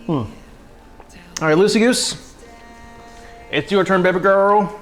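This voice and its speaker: Chatty man with a higher voice. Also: slow pace, faint music behind. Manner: chatty, self-mocking, coos at his dog. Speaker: cooking livestream host. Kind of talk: casual livestream chat. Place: home kitchen.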